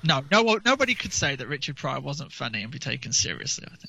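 A man's voice: medium pitch, big pitch swings, fast talker, gravelly, bright, forceful tone, no echo. A man co-hosting a casual talk show, rambling and mocking, sometimes mimicking people's voices. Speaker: podcast co-host. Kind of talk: casual chat. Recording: dull lo-fi dry sound.

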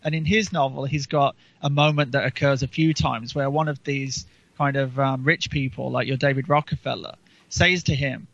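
Male podcast co-host, gravelly, rambling with ums, dull lo-fi sound. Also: medium pitch, steady tone, moderate pace, fairly bright tone, no echo. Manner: rambling, with frequent ums and restarts. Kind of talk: casual political chat. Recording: dull lo-fi recording.

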